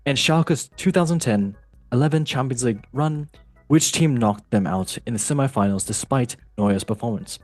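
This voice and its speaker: A man hosts a casual quiz show with a slightly husky, breathy voice. He talks in a playful, rambling way, full of jokey asides. Faint music plays in the background. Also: medium pitch, animated, moderate pace, a little mellow, no room sound. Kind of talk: casual podcast quiz hosting.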